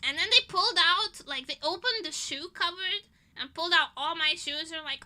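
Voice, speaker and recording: Bright, high-voiced young woman ranting. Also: brisk. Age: young adult. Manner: indignant ranting with laughter and swearing. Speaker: streamer. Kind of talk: casual stream chat.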